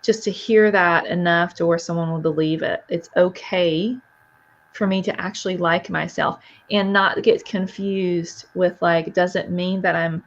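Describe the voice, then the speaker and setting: A woman's voice: fairly low pitch, fairly even intonation, unhurried, muffled recording. A woman co-hosting a podcast, talking in a reflective, encouraging way. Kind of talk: casual conversational interview.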